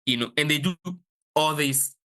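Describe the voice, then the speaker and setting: A man's voice: fairly high pitch, steady tone, normal speed, pushed and bright. A man who stutters with repeated sounds while thinking aloud, asking a question in an online Q&A. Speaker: audience member asking a question.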